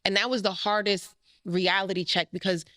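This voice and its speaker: A woman's voice: mid-range voice, fairly even intonation, normal speed, pushed and bright, no echo, studio quality. A woman in her thirties, a life coach talking frankly and with feeling about her own life in an interview. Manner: emotional, frank storytelling. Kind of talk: candid personal interview.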